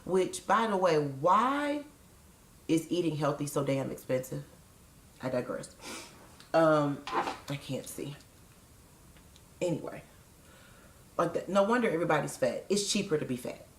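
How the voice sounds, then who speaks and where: Woman, low register, casual confessional vlogger, digressive and blunt, roomy echo. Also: sing-song, unhurried, long pauses, slight background noise. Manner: frank, digressive, joking asides. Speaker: vlogger sharing weight-loss surgery experience. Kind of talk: casual chatty vlog.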